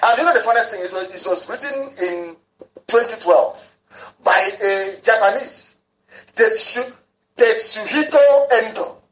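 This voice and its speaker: A man's voice: high-pitched, unhurried, a bit bright, echoey room, low-quality recording. A man broadcasting an impassioned political talk on the radio, fervent, and he spells words out letter by letter.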